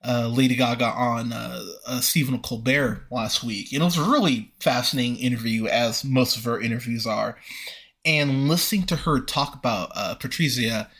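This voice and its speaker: A man hosting a movie review podcast, talking casually with frequent pauses and restarts. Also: mid-range voice, a bit bright. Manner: conversational, frequent fillers and restarts. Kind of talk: casual spoken film review.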